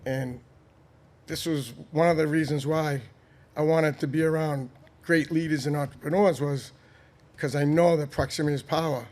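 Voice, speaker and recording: A man's voice: a little high, fairly even intonation, normal speed, a little mellow. A man with a Boston accent, a guest on a podcast, talking earnestly and bluntly with casual swearing. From Boston, Massachusetts. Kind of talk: candid conversational interview.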